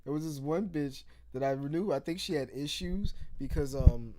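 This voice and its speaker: A man's voice: fairly high pitch, moderate pace, mellow. A young man in casual podcast chat, talking bluntly and crudely and laughing along.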